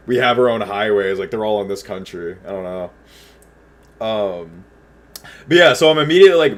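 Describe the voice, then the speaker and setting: A young man livestreaming from home, telling a rambling story to his chat with stuttered restarts and lots of swearing. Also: lowish voice. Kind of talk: casual storytelling while chatting with viewers.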